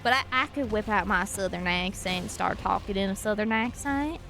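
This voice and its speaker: A woman's voice: medium pitch, moderate pace, few pauses, music in the background. A young woman from Montana, a streamer, chatting casually with viewers in a rambling way, full of fillers. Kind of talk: casual gaming stream chat.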